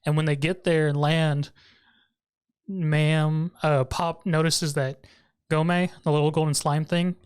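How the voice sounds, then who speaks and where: A man's voice: a little high, flat delivery, slow, clean tone. A man co-hosting a podcast, casually recapping an anime episode, laughing often and briefly mimicking the characters. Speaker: podcast co-host.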